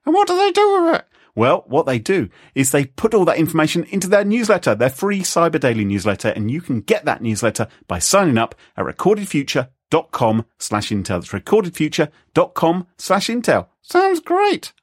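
A man hosting a podcast, telling a story in lively, chatty casual talk with asides. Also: a little high, fairly quick, few pauses, husky. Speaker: podcast host. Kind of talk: casual chat.

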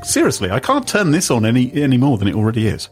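A man co-hosting a podcast, chatty and quick to laugh. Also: mid-range voice, breathy edge, faint music behind. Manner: chatty, laughs easily, lively. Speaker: podcast co-host. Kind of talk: casual podcast chat.

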